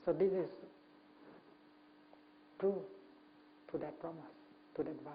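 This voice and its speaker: A man, a Buddhist monk, giving a Dharma talk at a retreat, speaking gently in short phrases with many pauses and fillers. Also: fairly high pitch, steady tone. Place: retreat talk before an audience. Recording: muffled lo-fi recording with faint hum.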